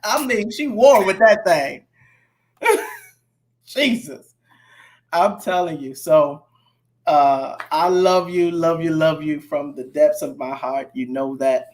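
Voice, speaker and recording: A man's voice: fairly high pitch, takes it slowly, pauses often. A man, a pastor, encouraging a member of his congregation during a church livestream. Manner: warm encouraging affirmations. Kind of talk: casual church livestream talk.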